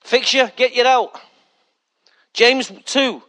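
A man preaches from the pulpit in a high, bright, ringing voice. He drives his points home with emphasis and drops joking asides straight to the congregation. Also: fairly even intonation, slow pace. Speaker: pastor. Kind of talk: sermon.

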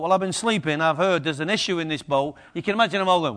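A man preaching a lively sermon to a congregation, acting out the story's characters. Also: a little high, quick pace, hardly any pauses.

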